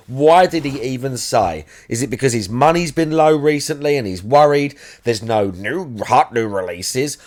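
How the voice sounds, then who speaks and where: A man hosting a livestream, talking in a crude, mocking, rapid-fire way. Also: mid-range voice, expressive, a little mellow. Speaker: livestream host. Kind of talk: casual livestream commentary.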